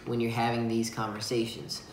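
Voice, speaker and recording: A man's voice: mid-range voice, completely flat delivery, normal speed, roomy sound, slight background noise. A man co-hosting a casual advice chat with his partner, speaking earnestly and a little preachy but easygoing. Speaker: co-host of a couple's channel.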